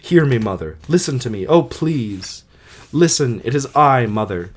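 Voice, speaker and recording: A man's voice: mid-range voice, expressive, unhurried, breathy edge. A man reading a grieving boy. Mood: lamenting.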